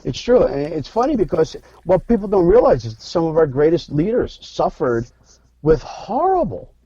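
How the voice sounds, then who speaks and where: Candid male actor guest from Philadelphia; mellow, dry, lo-fi. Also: on the high side, big pitch swings, normal speed, slightly rough, no echo. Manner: frank, profane, storytelling. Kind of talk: candid interview talk.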